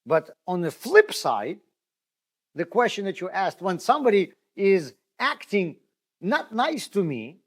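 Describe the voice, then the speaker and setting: A man's voice: high-pitched, big pitch swings, a little slow. A man, a rabbi, teaching a class in a conversational, storytelling way, addressing his listeners directly and often restarting his words. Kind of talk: spoken Torah lesson.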